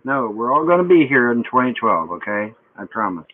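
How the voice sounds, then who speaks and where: A man's voice: medium pitch, very animated, fairly quick, slight background noise. Rambling man on a tinny chat line. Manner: rambling, joking. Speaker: chat room host. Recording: tinny online chat-room audio.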